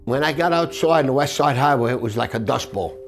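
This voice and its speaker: A firefighter recalling events in an interview, telling the story vividly and with deep emotion. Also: male voice, fast, vocal fry, soft background music. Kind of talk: recounting in an interview.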